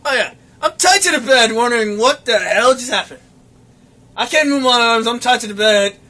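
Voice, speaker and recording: A young man chats on a podcast with a very bright, ringing voice that sits high for a man. He tells a wild story in an animated way, acts out what others said and swears freely. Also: normal speed. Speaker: podcast co-host. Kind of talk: casual storytelling chat.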